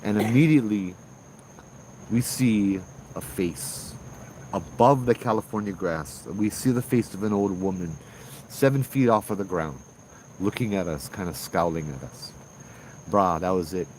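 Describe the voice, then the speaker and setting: A man with a Hawaii local accent tells a ghost story in a relaxed, casual way, his voice sitting fairly low. He is animated and slips into the voices of the people in the tale. Crickets chirp faintly behind him. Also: unhurried, a little hiss or hum, rough recording. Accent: Hawaii local English. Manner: animated, acts out voices in dialogue. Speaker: ghost tour guide and storyteller.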